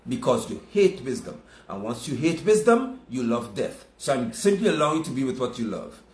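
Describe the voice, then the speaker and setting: A man's voice: medium pitch, sing-song, fairly quick, echoey room. A man preaching a sermon, emphatic and scolding, repeating his points.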